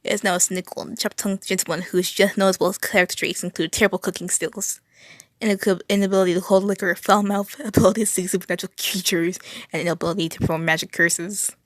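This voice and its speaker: A woman's voice: on the low side, fairly even intonation, fast, no room sound. A young adult woman reading text aloud, often tripping over words and correcting herself, with exasperated asides. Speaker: video creator.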